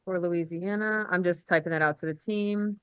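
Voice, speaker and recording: A woman's voice: lowish voice, normal speed, a bit bright, clear, resonant tone, dry recording. A woman hosting a telehealth livestream, chatting casually and joking at her own expense, with the odd swear.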